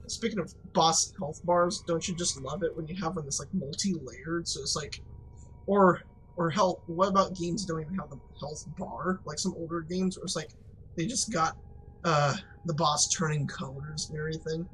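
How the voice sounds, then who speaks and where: A man's voice: fairly high pitch, normal speed, fairly bright tone, slight background noise, poor audio. A man giving casual, rambling let's-play commentary, joking, laughing and swearing now and then. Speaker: gaming commentator.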